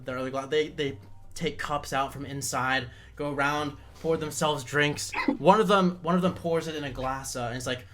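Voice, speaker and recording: A man running a tabletop game as game master, narrating in a halting way, full of restarts. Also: fairly high pitch, fairly even intonation, a bit bright, faint music behind. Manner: halting, with many fillers and restarts.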